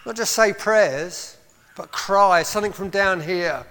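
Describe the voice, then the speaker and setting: A pastor preaches with impassioned appeals, now and then breaking into short laughs. His voice sits high for a man. It rings out with the long reverb of a church hall. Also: measured pace, fairly bright tone. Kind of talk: sermon.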